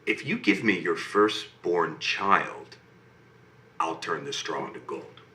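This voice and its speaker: A sly, greedy little imp from a bedtime story, sinking to a low, creeping hush that hangs in a roomy echo, as a man puts him on. The voice rings bright and cutting, and the tune of each phrase swoops up and down. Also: animated, slow, far from the mic, heavily acted. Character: sly, greedy male imp from a fairy tale.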